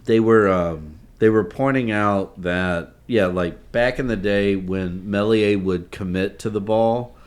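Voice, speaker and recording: A man's voice: lowish voice, takes it slowly, hardly any pauses. A man co-hosting a sports podcast, talking in a rambling casual way that trails off and restarts. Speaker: podcast co-host.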